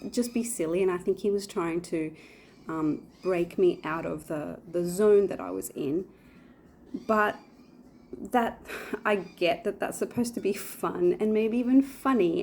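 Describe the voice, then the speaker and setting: A woman's voice: on the low side, mellow, a little hiss or hum. A woman in her forties chatting casually to camera in a rambling way, with lots of fillers. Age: 40s. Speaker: vlogger. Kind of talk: casual chat.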